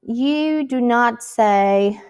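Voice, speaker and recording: A woman's voice: fairly high pitch, very slow, darkish tone, clear, resonant tone. A woman teaching a Spanish lesson, speaking patiently and asking the listener rhetorical questions. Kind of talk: recorded classroom lesson.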